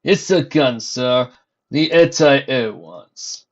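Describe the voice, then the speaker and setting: A man voicing an anxious, dutiful young male soldier pony, higher and louder than his narration, on a dull lo-fi recording. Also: very slow. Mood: worried. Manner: deferential, respectful.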